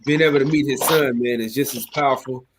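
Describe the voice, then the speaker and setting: A man hosting a casual livestream, talking in slang and shouting out viewers in the chat. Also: mid-range voice, steady tone, quick pace, noisy background. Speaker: show host.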